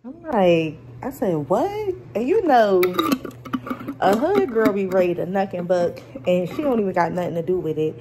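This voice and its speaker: A woman's voice: fairly low pitch, expressive, a little fast, hardly any pauses, mellow, slight background noise, poor audio. A young woman vlogging from home, ranting profanely and acting out quoted dialogue as she retells a run-in at her door. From Philadelphia. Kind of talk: angry storytime rant. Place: at home indoors.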